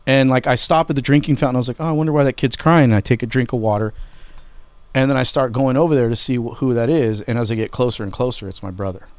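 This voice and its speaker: A middle-aged man with a smooth, resonant voice tells candid family stories in a relaxed podcast chat, swearing freely. The sound is dry and close, with no room echo. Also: mid-range voice, fast talker. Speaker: podcast host. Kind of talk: casual storytelling.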